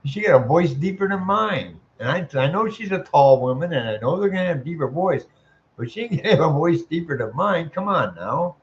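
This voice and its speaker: A man in his sixties with a voice he calls squeaky, ranting bluntly and swearing a lot as he comments. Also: expressive, a little fast. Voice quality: self-described squeaky voice. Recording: muffled lo-fi audio.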